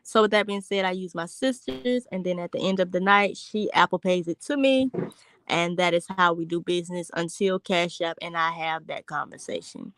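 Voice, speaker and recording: A woman's voice: fairly low pitch, moderate pace, a bit bright, dry recording. A young woman hosting a casual livestream, reading viewer comments aloud in a brash, profane, joking way. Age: young adult. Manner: brash, profane, laughing, talks straight to chat. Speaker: livestream host.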